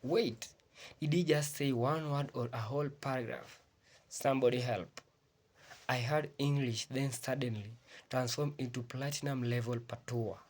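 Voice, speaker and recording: A man reading scripted voice-over commentary for a reaction video in an even, joking way. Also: medium pitch, moderate pace. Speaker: reaction channel host.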